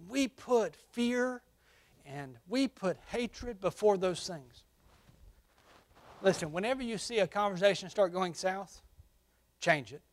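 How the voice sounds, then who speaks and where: Guy preaching in church, high bright voice, goes soft then booms, calls for amens. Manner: preaching, swinging from quiet to loud emphatic calls. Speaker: pastor. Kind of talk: sermon. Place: church sanctuary.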